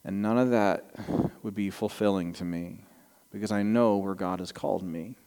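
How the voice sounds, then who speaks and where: Preaching in a church sanctuary, a thirties-aged man with a faint Southern American lilt tells personal stories casually, often poking fun at himself. His voice is low, warm, smooth and resonant, with fairly even intonation at a normal pace, while the large hall's long reverb lingers after every phrase.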